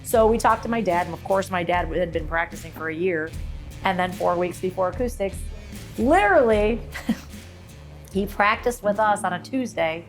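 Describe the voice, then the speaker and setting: A woman from Toledo, Ohio, talking as a podcast guest, telling stories with lively acted-out quotes. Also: fairly low pitch, normal speed, soft background music. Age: adult, sings since her mid-twenties. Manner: animated storyteller, acts out quoted voices. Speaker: podcast guest, singer and lawyer. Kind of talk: casual interview chat.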